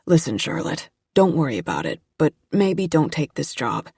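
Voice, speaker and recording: Lady doing a gruff male airport cop, blunt and bossy, dry sound. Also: sits low, big pitch swings, normal speed, darkish tone, dry recording, full character voice. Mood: calm. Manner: gruff, demanding.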